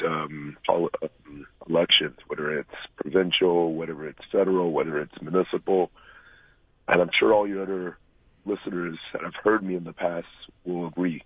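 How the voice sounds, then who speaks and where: A man's voice: sits low, husky, no echo. A man calling into a radio show, rambling casually, his voice a bit off, over a tinny phone line. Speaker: caller. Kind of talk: phone-in chat.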